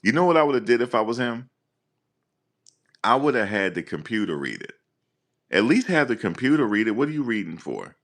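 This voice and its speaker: A man hosting a live stream, talking casually and teasing his viewers in an animated rant. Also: medium pitch, a little fast, pauses often.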